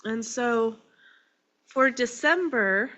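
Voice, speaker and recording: Tearful woman minister giving a slow sermon. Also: fairly high pitch, expressive, pushed and bright. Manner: slow, emotional and tearful, with pauses between phrases. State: crying.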